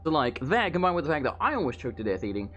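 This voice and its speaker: A man's voice: a little high, very animated, very fast, fairly bright tone, lo-fi sound. A man giving casual, rambling commentary over his own gameplay, chatting and swearing as he plays, with faint game music behind him. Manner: rambling and chatty, swearing, eating while talking. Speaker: let's play commentator.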